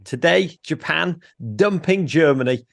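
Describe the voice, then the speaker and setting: A man with a Liverpool accent chats as an interview guest, quick with jokes and full of excitement. His voice sits a little high and has a gravelly edge. The sound is dry and close. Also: no room sound. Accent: Liverpool English. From Liverpool, England. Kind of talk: animated interview chat.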